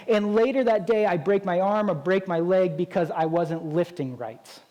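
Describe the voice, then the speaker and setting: Pastor, man, fairly high voice, chatty sermon delivery with lots of "right?". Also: brisk, few pauses, a little mellow, poor audio. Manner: conversational, keeps asking "right?".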